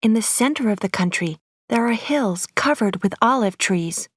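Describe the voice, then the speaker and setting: Clear, steady woman reading a story. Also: fairly high pitch, normal speed, dry recording, studio quality. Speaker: audiobook reader. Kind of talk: graded-reader story narration.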